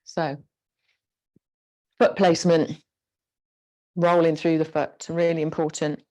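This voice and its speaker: A woman leads an exercise class at home, talking through each move in a friendly, encouraging way. Her voice sits a little low for a woman. She speaks into a clip-on mic pack. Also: little pitch movement, takes it slowly, a little mellow. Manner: encouraging, chatty cueing of moves. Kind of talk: live online exercise class instruction. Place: home room with a squeaky floor.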